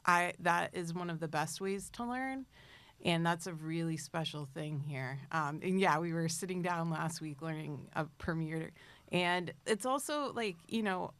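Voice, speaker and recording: Woman, media director, earnest and upbeat, slightly low voice, dry room. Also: unhurried, fairly bright tone, clean tone, dry recording. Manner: earnest, enthusiastic. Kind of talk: casual chat.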